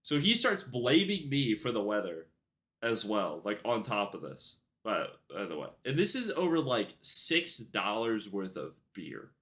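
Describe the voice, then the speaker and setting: A man's voice: on the low side, big pitch swings, a little slow, bright, forceful tone. A young man telling a storytime vlog about his retail job in a casual, rambling way, full of fillers and restarts. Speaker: YouTuber telling a work story.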